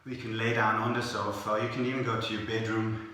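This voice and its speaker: A man guiding children through a playful yoga lesson, speaking slowly and gently. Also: fairly low pitch, little pitch movement, a little hiss or hum. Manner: slow, gentle, playful instruction. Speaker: kids yoga teacher. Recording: echoey room from a distance.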